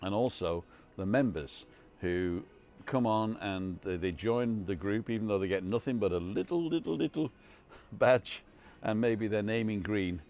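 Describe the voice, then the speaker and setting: Chatty older man, low voice. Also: measured pace, darkish tone. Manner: rambling, chatty, many restarts and asides. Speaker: live-stream vlogger. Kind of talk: casual live-stream chat reading comments. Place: outdoor bar terrace.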